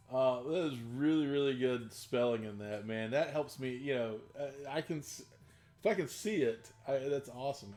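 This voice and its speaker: A man's voice: medium pitch, a little mellow. A man who runs tabletop games, answering viewer questions in a casual live stream. He rambles with enthusiasm and laughs often. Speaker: game master streaming a Q&A.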